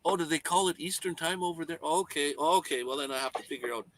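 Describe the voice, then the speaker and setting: A Canadian man with a bright, slightly raised voice, joking around in relaxed chat. He tells corny jokes and laughs along with them. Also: a little high, quick pace, a little hiss or hum. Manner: jokey, tells corny jokes, laughs at his own lines. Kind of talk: casual chat.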